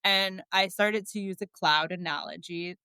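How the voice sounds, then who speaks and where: A woman's voice: on the low side, steady tone, measured pace, pushed and bright, clean tone, no echo. A woman guest on a podcast, telling her story in a candid, chatty way, with many filler words and frequent laughs.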